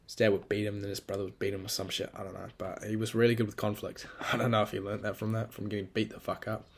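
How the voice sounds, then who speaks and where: A man's voice: on the low side, little pitch movement, fast, creaky. A young man in a casual spoken journal, rambling crudely and criticizing himself while planning his day. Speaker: vlogger.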